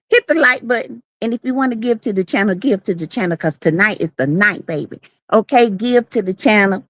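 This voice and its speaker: A woman's voice: mid-range voice, expressive, moderate pace, fairly bright tone, dry recording. A woman in casual live-stream chat, sassy and playful, teasing and greeting viewers by name.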